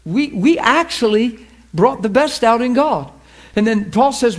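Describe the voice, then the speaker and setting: A man's voice: extremely high pitch, animated, measured pace. A man preaching a sermon to a class, emphatic and fervent, often asking the audience questions and laughing with them.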